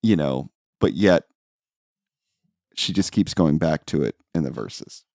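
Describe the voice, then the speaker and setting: A man's voice: very deep voice, lively intonation, unhurried, vocal fry, a little mellow, dry recording, clean studio sound. A man co-hosting a casual music podcast, analyzing songs and thinking aloud with many fillers. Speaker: podcast co-host.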